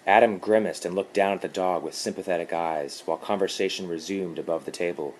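A man narrating a horror story in a calm, measured reading. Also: low voice, slight background noise.

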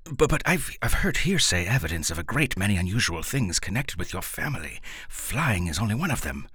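A man's voice: on the low side, very animated, a little fast, bright, forceful tone, slightly rough, dry recording, clean studio sound, exaggerated voice. A man voicing a solemn, pompous middle-aged male scientist who asks prying questions and stammers when flustered.

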